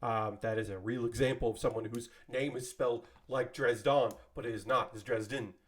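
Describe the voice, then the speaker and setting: A man's voice: medium pitch, steady tone, fairly quick, a bit bright. A man chatting casually on a live stream while building, rambling and swearing freely as he thanks viewers. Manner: thanks viewers and subscribers by name.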